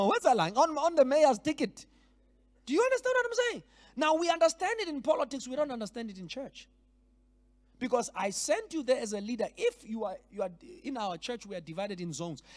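Animated preacher man. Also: high voice. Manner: animated, switches between languages, acts out scenes. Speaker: pastor leading a leadership workshop. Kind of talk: lively church teaching. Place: church hall.

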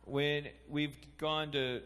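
Bright-voiced man hosting a live show. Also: fairly high pitch, flat delivery, takes it slowly, a little hiss or hum. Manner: loose, joking, steering the show. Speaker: host. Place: live stage before an audience.

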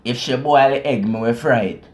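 A man with a Jamaican accent talks through a song in relaxed reaction-video commentary. His voice sits at an ordinary middle pitch, and he stays lively and chatty, breaking into patois explanations and easy chuckles. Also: normal speed. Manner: animated, explains lyrics in patois, chuckles often. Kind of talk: casual commentary.

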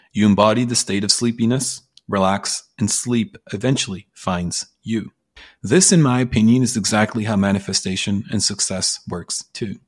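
Husky, blunt man giving a motivational talk. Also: lowish voice. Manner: blunt, casual, sprinkled with profanity; emphatic, persuasive. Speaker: self-help creator. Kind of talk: motivational monologue.

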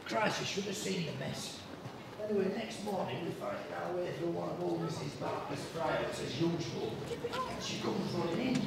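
A man plays a coarse working-class gravedigger, full of crude banter. His voice is fairly high and swoops about with a gravelly edge. It is caught on location from some distance, echoey with noise behind. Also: expressive, normal speed. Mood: joke-telling. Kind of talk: film acting. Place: outdoors on location.

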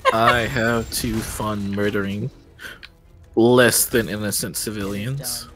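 A man's voice: lowish voice, very animated, slow pace, a bit bright, faint music behind. A man playing a game and chatting casually, offhand and swearing now and then. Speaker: gamer. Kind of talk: casual gaming chat.

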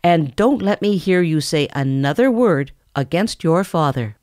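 A woman's voice: on the low side, animated, unhurried, a little mellow, no room sound, clean studio sound. A woman voicing a stern mother bear scolding her cubs firmly. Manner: firm, scolding.

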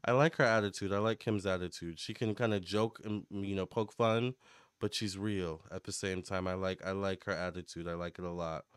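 A fairly low-pitched man talks through a tarot and psychic reading in a casual, excitable monologue. His voice is smooth and resonant, and the sound is dry and close, with no room echo. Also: moderate pace. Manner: chatty, excitable, relays messages in a lively running commentary. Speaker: tarot reader and medium.

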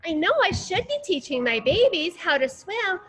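A woman voicing a gentle mother duck who frets over an unhatched egg, in a storybook voice for small children. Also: extremely high pitch, very animated, normal speed, heavily acted. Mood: fretful. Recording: roomy echo.

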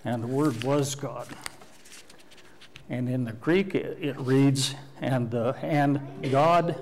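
Slow-speaking older male pastor preaching. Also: medium pitch, a little mellow, a little hiss or hum. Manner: slow, deliberate teaching with pauses and restarts. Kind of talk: sermon. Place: church sanctuary.

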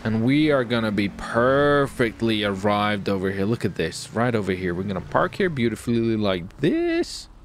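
A man streaming game role-play, talking to viewers in a joking, excitable way and swearing freely. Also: lowish voice, normal speed, few pauses, slight background noise.

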